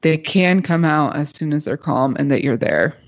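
Woman explaining calm parenting advice. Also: deep voice, moderate pace, no room sound, dull audio. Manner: explanatory, coaching tone. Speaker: parenting expert guest. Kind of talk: casual podcast discussion.

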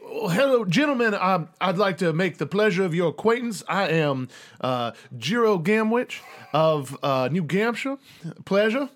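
A man voicing a courtly, pompous older gentleman father with a Southern-colonel manner in a tabletop game. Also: high voice, very animated, normal speed, voice pushed up.

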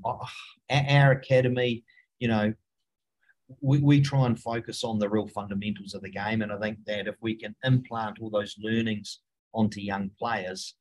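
A middle-aged man with a New Zealand accent, a rugby coach answering interview questions in a halting way, with many fillers and restarts. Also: lowish voice, rough recording. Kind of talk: casual interview talk.

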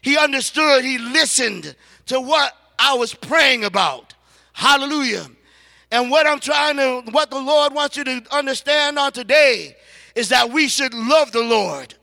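A man preaching a sermon to his church, stretching out words slowly and calling out hallelujah between phrases. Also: very high voice, gravelly, sharp tone. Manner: preaching with frequent hallelujahs and slow emphatic phrases. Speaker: pastor. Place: large church sanctuary. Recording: long hall reverb.

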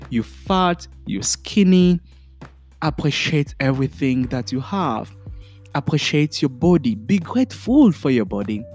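A man's voice: a little high, a little mellow. A man with a French accent hosting a podcast, giving an earnest motivational talk full of fillers and restarts. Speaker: podcast host. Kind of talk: motivational monologue.

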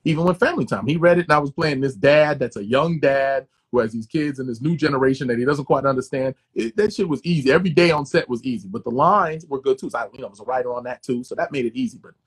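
Fast-talking husky man, animated. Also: medium pitch. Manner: animated, profane, repeats words. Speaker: actor guest. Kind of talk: casual interview storytelling.

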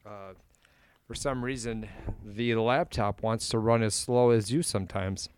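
A man with an Upper Midwest accent, co-hosting a casual podcast, muttering at equipment and reading a story aloud haltingly. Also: on the low side, steady tone, a little mellow, smooth. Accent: Upper Midwest American. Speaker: podcast co-host. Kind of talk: casual chat.

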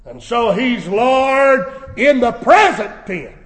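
A man preaching a sermon, swelling into shouted emphasis, recorded in a church sanctuary. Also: very high-pitched, sing-song, slow. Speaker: pastor. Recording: echoey church hall.

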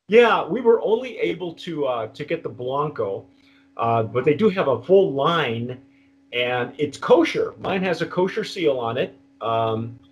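A man's voice: on the high side, lively intonation, unhurried, highs cut off. A man from Texas hosting a casual tasting chat over a video call, rambling with many restarts and fillers. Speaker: host.

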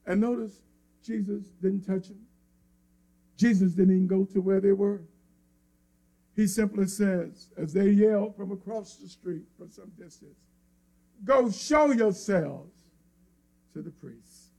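A man preaching a sermon with an impassioned delivery that swings from hushed near-whispers to cries. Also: high-pitched, a little slow, vocal fry, pauses often.

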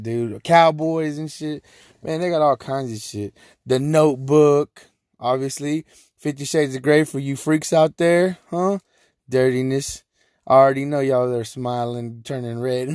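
A young man riffing alone on his podcast, loose, slangy and profane, wandering from one thought to the next. His voice sits in an ordinary middle pitch for a man. The sound is close and dry, with no room echo. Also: a little mellow. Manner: profane, joking, slangy and rambling. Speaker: podcast host. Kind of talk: casual solo podcast monologue.

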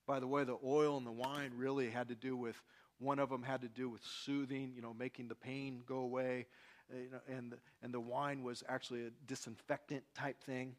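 A male pastor preaching a sermon, swinging from loud, emphatic lines to quiet, personal confiding. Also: medium pitch, level tone, fairly quick.

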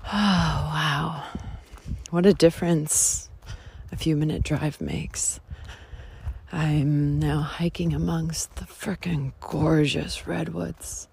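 A woman's voice: fairly low pitch, gravelly, dark tone, slightly rough. A woman vlogging casually outdoors on a forest trail into a handheld phone, gushing and spiritual, often slipping into a whisper. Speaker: travel vlogger. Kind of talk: casual travel vlog.

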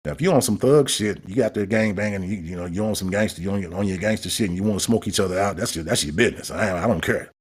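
A man with a low, husky voice hosts a podcast in an impassioned solo monologue. He speaks with heated emphasis and often repeats words as he builds his point. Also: fast talker, few pauses. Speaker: podcast host.

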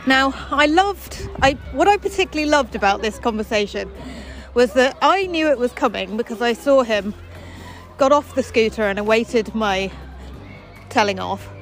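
A woman's voice: a little high, animated, normal speed, faint music behind, low-quality recording. A woman hosting a daily walking podcast, chatting in a wry, self-deprecating way outdoors on a footpath. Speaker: podcast host. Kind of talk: casual chatty monologue while walking.

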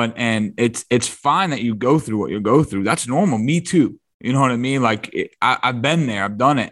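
A male podcast host speaks in a casual, eager way at a middle pitch. He restarts his sentences often. His voice sounds close and dry, with no room around it. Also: fairly bright tone, no room sound. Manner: enthusiastic, restarts often, says "bro".

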